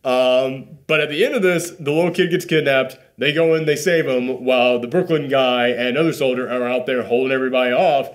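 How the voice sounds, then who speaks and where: A man's voice: mid-range voice, brisk, hardly any pauses. A man hosting a casual spoiler review, telling the plot with lots of "like" and acted-out bits. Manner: animated storytelling, many "like" fillers. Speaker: movie reviewer host.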